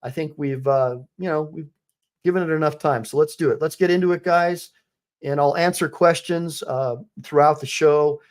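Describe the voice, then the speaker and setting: Man, live-stream host, rambling, casual, slightly high voice. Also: moderate pace. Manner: rambling, chatty, many fillers and restarts. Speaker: host, attorney.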